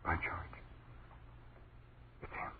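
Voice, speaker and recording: An actor playing an uneasy, awed man in a 1940s radio drama, speaking in a hushed, unhurried way. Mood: startled. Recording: tinny, hissy old radio broadcast.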